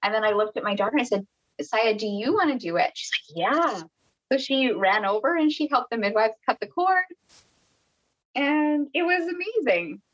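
A woman's voice: fairly high pitch, lively intonation, moderate pace. Chatty Canadian woman on a dull line. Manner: chatty, many restarts and quoted dialogue. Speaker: podcast guest. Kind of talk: casual storytelling interview.

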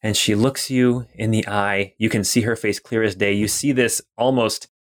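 A man's voice: fairly low pitch, fairly even intonation, moderate pace. A man running a tabletop role-playing game, describing scenes with small hesitations. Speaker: game master.

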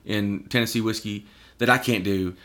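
A man's voice: lowish voice, fairly even intonation, moderate pace, fairly bright tone. A man guesting on a podcast, telling stories in casual chat and acting out the voices of the people in them. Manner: storytelling, acts out voices, laughs often.

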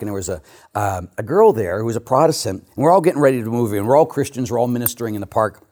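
A priest, preaching a sermon in animated storytelling that often laughs at himself. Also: male voice, on the low side.

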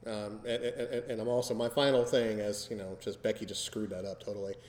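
A man with a low voice, chatting casually as a podcast host. He talks slowly and deliberately, with lots of ums and restarts. He sounds like he is in a roomy space with a long, ringing reverb. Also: little pitch movement, a little mellow. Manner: slow, deliberate, many fillers. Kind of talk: casual chat. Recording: echoey room with long reverb.

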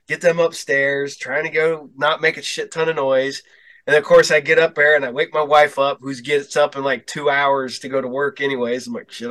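A middle-aged man hosting a casual chat show, telling relaxed stories with easy laughs and free swearing. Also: fairly high pitch, low-quality recording. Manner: laid-back, chuckling storyteller, swears freely. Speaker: podcast host.

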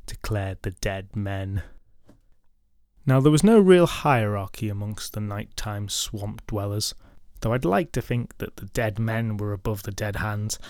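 A man narrating a folklore podcast story, mixing dramatic retelling with wry, deadpan comic asides. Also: on the low side, dry recording, studio quality.

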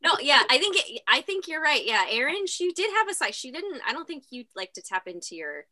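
A woman leading a group conversation, expressive and laughing often as she responds. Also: sits high, fairly quick, dry recording.

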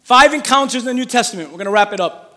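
A man preaching a lively sermon, reading scripture aloud and calling for answers from the congregation. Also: very high voice, rapid-fire. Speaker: pastor. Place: church hall. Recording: long hall reverb.

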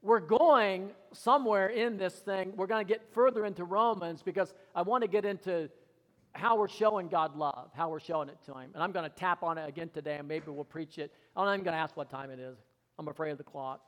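High-voiced preacher in a reverberant hall. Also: male voice, moderate pace. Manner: call-and-response preaching, swings from soft asides to loud declarations. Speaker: pastor. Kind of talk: sermon. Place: church sanctuary.

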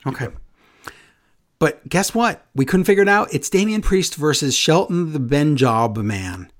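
A man's voice: on the high side, animated, a little slow. A man co-hosting a casual wrestling podcast, talking in a sarcastic, exasperated way. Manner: sarcastic, exasperated, mocking impressions. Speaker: podcast co-host.

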